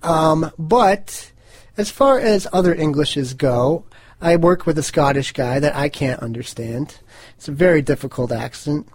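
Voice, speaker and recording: A man's voice: on the high side, expressive, a little slow, breathy edge. An American man from Boston, an English teacher, giving a casual, joking statement. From Boston, Massachusetts, USA. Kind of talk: short unscripted statement.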